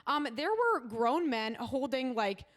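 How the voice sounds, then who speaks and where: Podcast co-host, woman, high bright voice, expressive and dramatic in casual chat. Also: slow pace. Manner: expressive, dramatic, laughs while telling stories.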